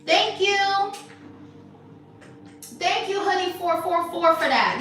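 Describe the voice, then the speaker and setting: A woman's voice: extremely high pitch, slow pace, pauses often, fairly bright tone, recorded from a distance, slight background noise. A woman giving a spiritual tarot reading, blunt, sassy and emphatic, often swearing. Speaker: tarot reader. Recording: very echoey room, off mic, faint music.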